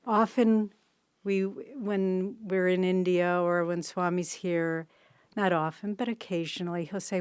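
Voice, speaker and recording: A woman in her sixties speaks slowly and earnestly, giving a devotional talk in a storytelling way. Her voice is close and dry, with little room sound around it. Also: fairly low pitch, fairly even intonation, smooth, no room sound. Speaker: spiritual teacher giving a tribute talk.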